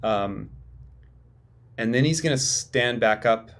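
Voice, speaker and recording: A man's voice: medium pitch, slow. A man playing a tabletop game who thinks aloud, hesitantly describing what his character does. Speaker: player.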